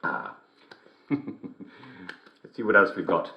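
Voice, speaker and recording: An actor playing a gleeful, smugly cruel middle-aged English television host in a video game, who giggles constantly between lines. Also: male voice, low voice, very slow, lo-fi sound, slight background noise, exaggerated voice. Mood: jovial, mocking. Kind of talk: video game character performance. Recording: roomy echo.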